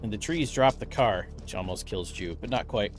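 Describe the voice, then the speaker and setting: A man's voice: fairly low pitch, moderate pace, over music. A man narrating as game master in a tabletop role-playing game, telling the scene in a vivid, casual way.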